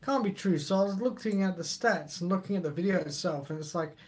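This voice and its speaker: A man's voice: high-pitched, fast. A middle-aged man, hosting a live stream and chatting casually while reading the chat aloud.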